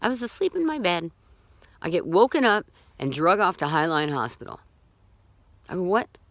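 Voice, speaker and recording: A woman's voice: on the low side, very animated, brisk, dry recording. A woman telling her own story in an unscripted way, blunt and profane, agitated and indignant, often restarting her sentences. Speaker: storyteller recounting own experience. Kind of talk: unscripted personal account.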